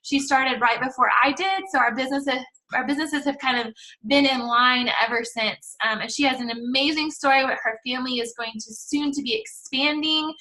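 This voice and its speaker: A woman leads an online team call. Her voice sits very high with a sharp, bright edge. She gushes warmly over her guest and everyone who joined. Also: normal speed, rough recording. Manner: upbeat, effusive, welcoming. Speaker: team leader and call host.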